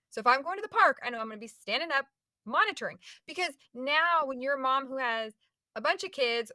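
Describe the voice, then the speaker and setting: A woman's voice: high-pitched, no room sound, studio quality. A woman co-hosting a podcast who is a mother of five, giving emphatic advice in casual chat. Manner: emphatic, animated advice-giver.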